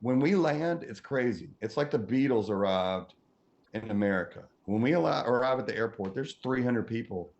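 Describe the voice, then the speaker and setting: A man who is a podcast guest, telling a comic story in an animated way and laughing often through it. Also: medium pitch, normal speed. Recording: muffled audio with faint noise.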